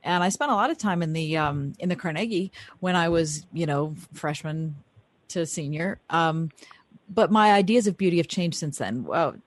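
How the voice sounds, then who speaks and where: A woman co-hosting a radio show, asking questions in a relaxed, conversational way. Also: low-pitched, normal speed. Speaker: radio co-host. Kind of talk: radio interview.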